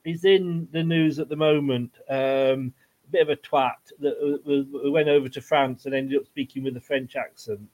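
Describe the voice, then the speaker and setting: A man's voice: mid-range voice, fairly even intonation, normal speed, darkish tone. A man co-hosting a football podcast, talking bluntly and swearing, with rambling asides. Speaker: podcast co-host. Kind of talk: casual football chat. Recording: dull lo-fi sound.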